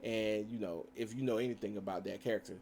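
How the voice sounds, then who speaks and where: A man's voice: fairly low pitch, fairly even intonation, fast talker, darkish tone, slight background noise. A man reviewing cartoon episodes, retelling scenes in a loose, rambling way with acted-out quotes and frequent fillers. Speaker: show reviewer. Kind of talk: casual spoken recap.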